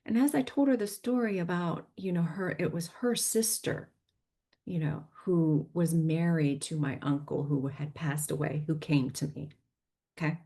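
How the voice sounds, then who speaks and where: A woman with a low voice and a measured pace tells a personal story as a guest on a podcast. She's an animated storyteller who acts out the voices of the people she quotes and drops to a whisper at the tense moments.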